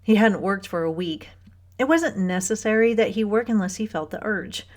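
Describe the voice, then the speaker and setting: An audiobook narrator, a woman with a mid-range voice, reads a novel from a script in a calm, measured, even manner.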